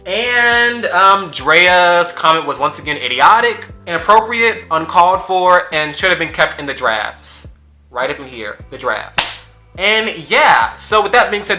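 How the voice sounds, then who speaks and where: Sharp-voiced sassy male commentator. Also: high voice. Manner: emphatic, sassy, repeats rhetorical questions. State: mouth swollen after wisdom teeth removal. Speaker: YouTube commentator. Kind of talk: ranting social media commentary.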